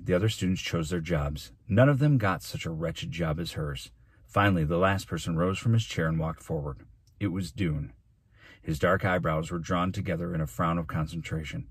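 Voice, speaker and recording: Deep husky man reading a storybook. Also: dry recording. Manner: steady storytelling narration. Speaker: teacher. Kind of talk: reading a novel aloud for children.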